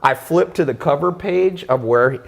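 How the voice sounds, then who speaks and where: A man hosting an interview, telling a story in a casual, animated way. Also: a little high, normal speed, gravelly. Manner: animated, acts out quoted voices. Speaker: interview host. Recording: long hall reverb.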